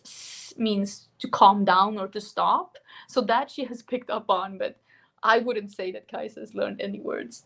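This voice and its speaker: A woman's voice: mid-range voice, creaky. A young woman from Sweden with a Swedish accent, chatting casually on a livestream and reading out viewer comments. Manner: chatty, laughs often, reads out viewer comments. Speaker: beauty vlogger hosting a livestream.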